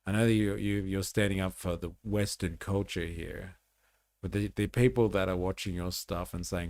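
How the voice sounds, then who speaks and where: A man's voice: deep voice, steady tone, moderate pace, vocal fry, a little mellow, no echo, clean studio sound. An Australian man giving blunt, sarcastic livestream commentary, swearing freely as he reacts to posts. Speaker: live streamer.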